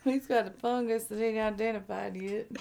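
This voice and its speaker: A young woman co-hosting a casual podcast, with a gravelly, smoker-like voice and teasing quips. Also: fairly high pitch, fairly even intonation, dark tone. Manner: teasing, quick quips, laughs often. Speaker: podcast co-host. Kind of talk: casual chat.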